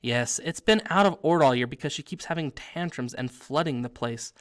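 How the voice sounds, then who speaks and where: A man voicing a clever teenage schoolgirl who talks anxiously and with a forced, bright tone. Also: on the high side, fairly quick, natural voice. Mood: explaining.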